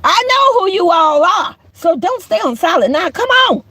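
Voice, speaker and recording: A middle-aged woman giving an emphatic, preachy call-out rant as a YouTube commentator, often shouting. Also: very high voice, sing-song, moderate pace, no echo.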